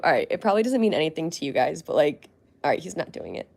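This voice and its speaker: A woman's voice: low voice, expressive, quick pace, gravelly, darkish tone. Chatty young woman rambling on a livestream. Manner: chatty, rambling, laughs often, many fillers. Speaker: livestream host. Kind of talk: casual livestream chat.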